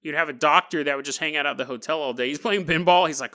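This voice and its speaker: Bright-voiced, jokey male podcast host. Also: a little high, quick pace. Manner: chatty, jokey, laughs mid-sentence. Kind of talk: casual storytelling podcast.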